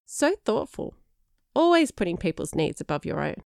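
A woman's voice: on the low side, sing-song, normal speed, gravelly, no echo. A woman voicing an earnest, science-keen teenage boy with dry humour.

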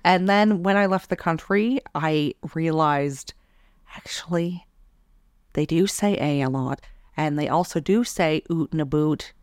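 A young Canadian woman co-hosting a podcast, trading dry, deadpan wisecracks in casual chat. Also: low-pitched, measured pace, smooth, no room sound. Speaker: podcast co-host.

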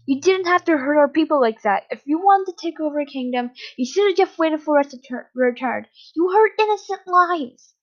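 A tearful young husband cries out in a frantic, high-pitched plea, as the woman reading puts him on. The sound is slightly dull, as on lo-fi audio. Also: lively intonation, normal speed, few pauses. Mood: desperate. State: crying.

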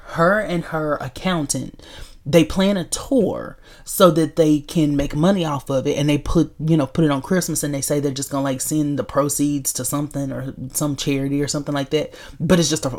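A woman vlogging a casual movie review, chatty and animated, talking straight to her viewers. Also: low voice, normal speed. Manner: chatty, animated, addresses viewers as y'all, laughs often. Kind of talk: casual chat.

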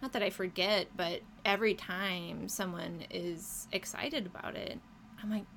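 Chatty woman with a creaky voice. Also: fairly low pitch, fairly even intonation, unhurried, fairly bright tone, slight background noise. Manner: enthusiastic, laughs often, many fillers. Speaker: muralist guest. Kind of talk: casual interview chat.

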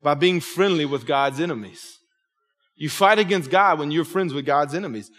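Emphatic preaching pastor in a reverberant hall. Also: male voice, a little high, normal speed, fairly bright tone. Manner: emphatic, conversational preaching with repeated "right?". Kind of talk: sermon. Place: church sanctuary with congregation.

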